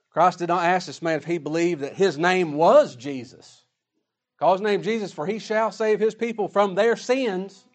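A man preaching a sermon emphatically, swinging between loud declarations and hushed asides. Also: high voice.

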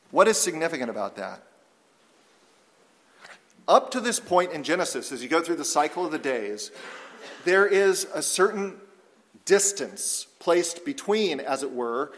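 A man preaching an expository sermon, measured and emphatic, slowing down to read scripture aloud. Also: fairly high pitch, a bit bright. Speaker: pastor. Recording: long hall reverb.

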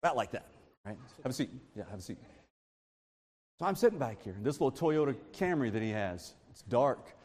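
A man preaching a sermon in an informal, animated storytelling way from a church sanctuary. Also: medium pitch, brisk. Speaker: pastor. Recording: long reverb of a large hall.

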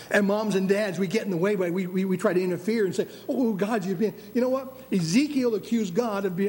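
A man preaching a sermon as pastor, animated, acting out the voices of God and believers. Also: sits high, slight background noise.

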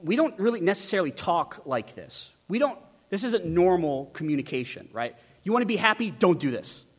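A man preaching an expository sermon, emphatic and animated, asking the listeners many rhetorical questions. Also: sits high, fairly quick, slightly rough. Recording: long hall reverb.

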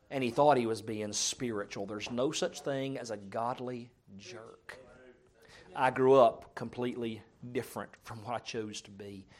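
A middle-aged preacher delivering a sermon to a men's prayer meeting. He tells humorous family stories in an earnest, folksy way, rising loud for emphasis and dropping soft for serious points. His voice sits in an ordinary male pitch. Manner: storytelling, humorous, swings between loud and soft.

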